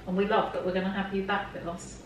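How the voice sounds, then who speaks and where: A woman off to the side encouraging someone close to her, warmly supportive. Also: medium pitch, level tone, fast talker. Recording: echoey room with clear noise.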